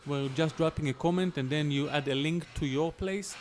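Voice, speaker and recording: A man's voice: on the high side, brisk. A man on a podcast panel explaining search strategy in an instructive, emphatic way. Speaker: SEO panelist. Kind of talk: casual podcast discussion.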